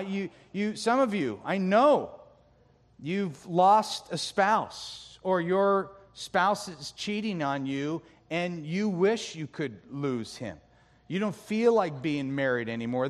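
Animated pastor preaching in a big hall. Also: male voice. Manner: animated, jokey, acts out complaints with rising pitch. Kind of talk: sermon. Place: church sanctuary. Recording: long reverb of a large hall.

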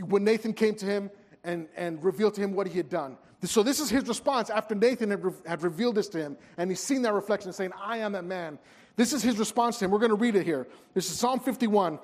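A man preaching a sermon in an earnest, pleading way, pushing hard at some moments and dropping soft at others. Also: high-pitched. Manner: earnest, pleading, rises and drops in intensity. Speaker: pastor. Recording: hall reverb.

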